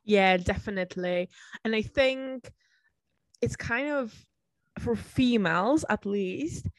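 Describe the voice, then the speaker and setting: A woman co-hosting a podcast in relaxed casual chat and steering the topic. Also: mid-range voice, takes it slowly, no room sound. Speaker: podcast co-host.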